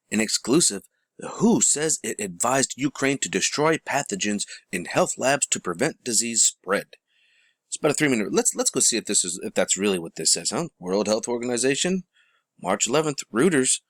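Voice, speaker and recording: A man's voice: mid-range voice, fairly bright tone, dry recording, studio quality. A man hosting a rambling commentary show, talking casually to his viewers and calling them folks.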